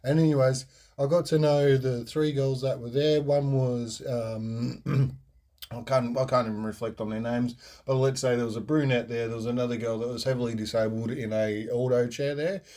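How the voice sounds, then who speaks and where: A young man tells a personal story to his podcast listeners, speaking frankly and meandering through "um"s and false starts. His voice is mellow and warm, with a dark tone. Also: mid-range voice, fairly even intonation, moderate pace. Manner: rambling, frank, lots of fillers and restarts. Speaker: podcast host. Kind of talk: casual storytelling monologue.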